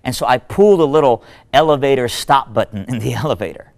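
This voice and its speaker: A male minister delivers a short devotional talk in a relaxed, conversational way. His voice sits in a middle range, and he tells his story with animated energy and quick asides. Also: medium pitch, creaky. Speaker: minister and speaker.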